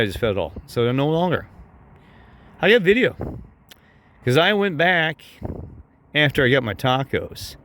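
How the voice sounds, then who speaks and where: A man's voice: medium pitch, a bit bright, slight background noise. A man telling a rambling, heated story to his viewers. He curses often, keeps repeating "I said", and his voice jumps up when he quotes himself. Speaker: vlogger telling a personal story.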